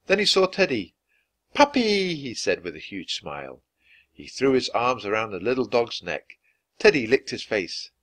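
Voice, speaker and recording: A man reading a children's book aloud, clear and expressive, at an easy pace for learners. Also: fairly low pitch, normal speed, dry recording. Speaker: storybook reader.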